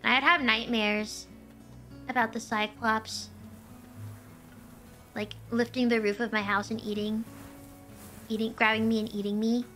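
A woman's voice: a little high, little pitch movement, unhurried, long pauses, sharp tone, faint music behind. A woman streamer chatting animatedly while playing a game, telling stories as she goes. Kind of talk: casual gameplay chat.

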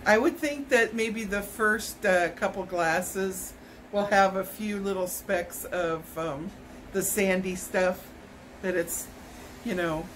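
Woman, home vlog, unhurried, faint background noise. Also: mid-range voice, poor audio. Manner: chatty, rambling with self-corrections. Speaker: YouTube vlogger. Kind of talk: casual product unboxing demo.

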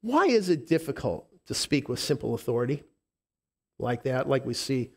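Pastor with a lisp, preaching emotionally. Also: male voice, mid-range voice, very animated, husky. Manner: emotional, halting with repeated restarts, swinging from soft to emphatic. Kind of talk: sermon.

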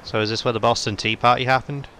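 A man's voice: medium pitch, fairly even intonation, fast talker, fairly bright tone, a little hiss or hum. A man giving jokey, sarcastic, sweary commentary while playing a game. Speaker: gaming video host. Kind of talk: let's play commentary.

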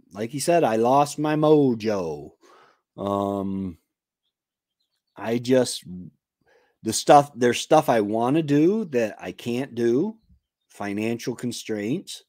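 Man, homestead streamer, slow and halting, mid-pitched, dry close sound. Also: darkish tone, dry recording. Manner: halting, many fillers and restarts, self-deprecating. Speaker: homesteading livestream host. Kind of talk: casual rambling chat.

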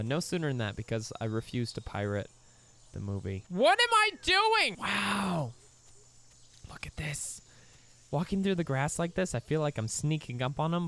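A young man giving casual let's play commentary, excitable, breaking into squeaky high exclamations. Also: clean tone.

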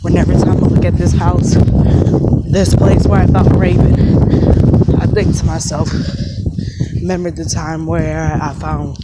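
A woman's voice: fairly low pitch, little pitch movement, a little slow, long pauses, heavy background noise. A woman talking to a phone camera while walking outdoors on a cold residential street. She rambles sadly and keeps calling out to her dog. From Texas. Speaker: vlogger. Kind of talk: casual vlog, walking and talking.

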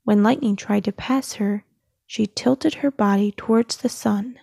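A woman reads a children's story aloud in a soft, often whispered voice. Her tone is mellow and husky, and she reads slowly. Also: mid-range voice, steady tone, no room sound, studio quality. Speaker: storybook reader.

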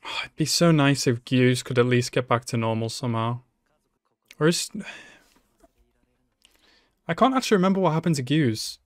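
A man's voice: mid-range voice, expressive, moderate pace, pauses often, no echo, clean studio sound. A man giving emotional live reaction commentary on an anime, swearing freely and talking back to the screen. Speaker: anime reaction channel host.

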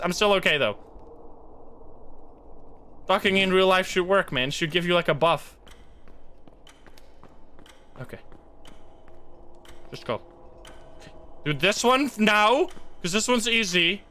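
Excitable male streamer, bright voice. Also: a little high, unhurried, long pauses. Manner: excitable, swears often, chants to himself. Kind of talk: live gameplay commentary.

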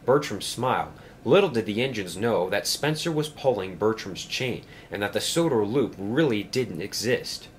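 A man narrating a children's train story in an expressive storybook style. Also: on the low side, normal speed, hardly any pauses, a little hiss or hum.

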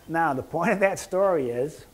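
A doctor gives a casual health lecture full of anecdotes, speaking a little slowly in a slightly high voice. He jokes and rambles, clearing his throat often.

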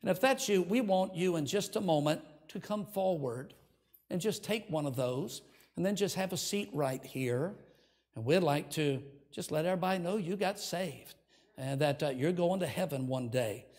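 A man's voice: a little high, animated, normal speed, darkish tone. Older male pastor giving an altar call. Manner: earnest, leads prayer, coaxing invitation. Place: church sanctuary.

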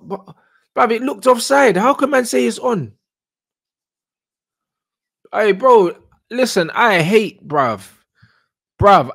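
A young man, giving live reaction commentary on football, slangy and shouting in disbelief. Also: sits high, no room sound. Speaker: football watch-along streamer.

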